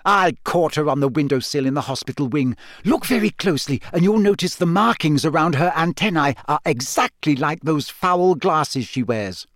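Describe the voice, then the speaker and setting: Guy doing a clever teen girl in a storybook, brisk and knowing, pitched up. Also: animated, a bit bright, no echo, clean studio sound. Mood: eager. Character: clever eager teenage schoolgirl.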